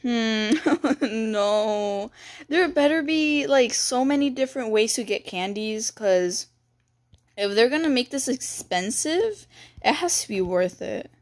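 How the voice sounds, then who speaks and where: A young woman giving excited game walkthrough commentary, gushing and gasping and repeating "dude" and "bro". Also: a little high, takes it slowly, dry recording, clean studio sound. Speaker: gaming video creator.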